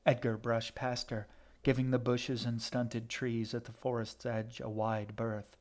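A man's voice: medium pitch, little pitch movement, unhurried, darkish tone. Man reading a story aloud. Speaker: narrator. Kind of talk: audiobook narration.

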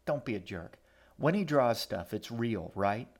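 A man's voice: medium pitch, very animated, measured pace, darkish tone. A man voicing a blunt, impatient young girl in audiobook narration. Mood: demanding. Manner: impatient, demanding.

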